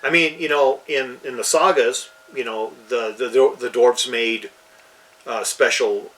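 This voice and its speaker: A man talks in a loose, meandering way, full of "you know" and restarts. His voice is mid-pitched and sounds a little distant from the microphone. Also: a little slow, fairly bright tone. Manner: rambling, many fillers and restarts. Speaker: podcast co-host. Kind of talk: casual chat about fantasy games.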